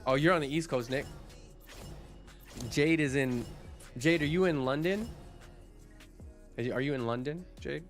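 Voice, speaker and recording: A man's voice: on the high side, a little slow, long pauses, faint music behind. A man livestreaming, chatting casually with his viewers, reading chat aloud and often restarting his sentences.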